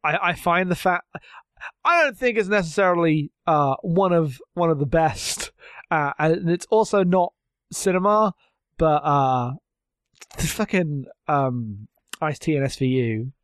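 Podcast guy, kinda high voice, lots of um and restarts, dry sound. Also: fairly bright tone, clean tone, no echo. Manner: halting, many restarts and fillers, self-deprecating. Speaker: podcast co-host. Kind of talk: casual podcast chat.

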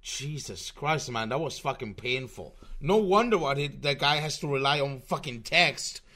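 A man's voice: medium pitch, animated, moderate pace, sharp tone. A young man ranting through online commentary over a screen recording, profane and sarcastic, often restarting his sentences.

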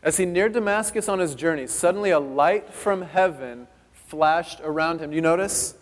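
A man from California preaching a sermon in a church, reading Scripture aloud and breaking off for quick conversational asides. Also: fairly high pitch. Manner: fast-talking, conversational asides while reading. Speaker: pastor. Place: church sanctuary. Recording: long hall reverb.

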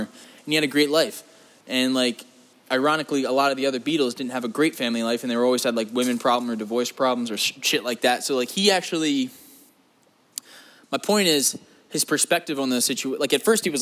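In a casual, wandering monologue aimed directly at his viewers, a young man hosting a vlog keeps cursing, making crude jokes, and sliding off topic. He has a fairly bright, mid-range voice.

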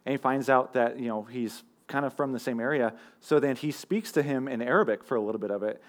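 A man's voice: mid-range voice, fairly quick. A young man giving a sermon in a conversational, storytelling way, with fillers and self-deprecating asides. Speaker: college group teacher and preacher. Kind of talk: casual sermon.

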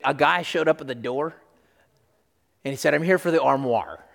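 Animated storyteller man in a big hall. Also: medium pitch, normal speed, gravelly. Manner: animated storyteller, acts out quotes. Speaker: speaker at a church service. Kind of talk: storytelling sermon. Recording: long reverb of a large hall.

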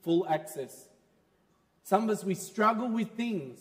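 Aussie pastor in his 30s, lively and laughy sermon, high voice, echoey church. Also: measured pace. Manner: animated, laughing storyteller. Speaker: preacher.

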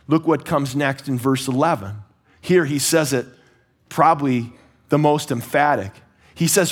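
A man preaching a sermon, emphatic and earnest, swinging between high urgent bursts and low, slow, quiet emphasis, with some stammering restarts. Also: husky. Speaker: pastor.

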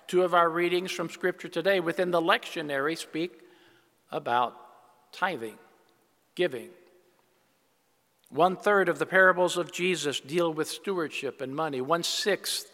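Preacher with a long church echo. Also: male voice, fairly high pitch, a bit bright. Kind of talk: sermon.

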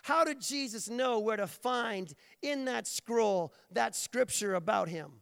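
Gravelly high-voiced preacher in a hall. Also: male voice, animated, unhurried, fairly bright tone. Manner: playful, jokey storytelling. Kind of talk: sermon. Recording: long reverb of a large hall.

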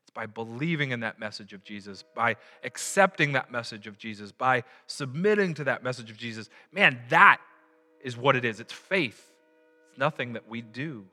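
A man preaching a sermon as a pastor, animated and building to loud emphatic peaks. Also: medium pitch, moderate pace, faint music behind. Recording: echoey hall.

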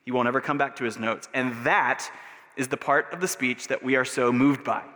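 A pastor preaching a sermon in a relaxed, conversational way, with frequent fillers. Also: male voice, mid-range voice, brisk. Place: church sanctuary. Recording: long reverb of a church hall.

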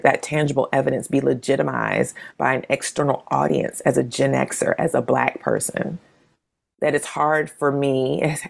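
A woman in her forties, a guest in a casual conversation, telling stories and acting out the people she quotes. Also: vocal fry. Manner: animated, acts out quoted voices with big pitch jumps. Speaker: interview guest, zine maker.

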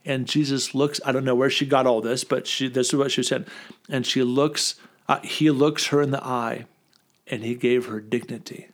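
Man telling a story with lively quoted voices. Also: mid-range voice, moderate pace. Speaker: guest speaker. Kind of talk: animated storytelling in conversation.

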